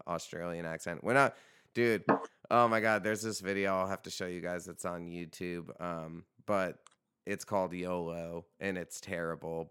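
A man's voice: deep voice, a bit bright, smooth, no echo, clean studio sound. A young man hosting a podcast in a loose, rambling chat, swearing freely and joking about his band. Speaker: podcast host and band vocalist. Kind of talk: casual chat.

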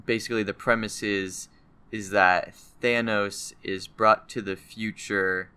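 A young man co-hosting a casual chat about comics and movies, animated and acting out characters in goofy voices. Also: fairly low pitch, a little slow, clear, resonant tone. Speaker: podcast co-host.

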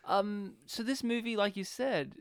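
A man co-hosting a casual film-review podcast, talking in an animated way, laughing often and acting out scenes. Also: high voice, a little slow, smooth, dry recording, studio quality. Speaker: podcast co-host.

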